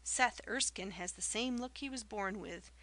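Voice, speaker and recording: A woman doing a loud spiteful old village gossip. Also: medium pitch, normal speed, natural voice. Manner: loud derisive gossiping with rustic dialect.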